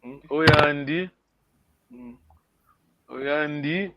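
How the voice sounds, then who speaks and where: A man's voice: a little high, extremely slow, gravelly, sharp tone, no echo, lo-fi sound. A man teaching an online language lesson, patient and repetitive, often checking that his students follow. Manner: patient, repeats words, asks "yeah?" to check understanding.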